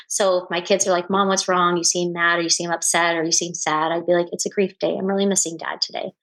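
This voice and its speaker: A woman in her forties talks openly as a guest in a relaxed interview. Her voice sits at an ordinary middle pitch, and she speaks in a reflective, earnest way. She pauses often and restarts her sentences. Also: rough recording. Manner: earnest and reflective, halting with frequent fillers. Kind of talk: candid conversational interview.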